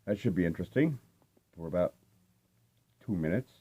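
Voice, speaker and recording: A man's voice: sits low, expressive, moderate pace, warm tone, breathy edge, lo-fi sound. An older man casually showing off his record finds, talking in a loose, rambling, laid-back way with lots of fillers. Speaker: vinyl collecting vlogger. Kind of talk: casual rambling show-and-tell.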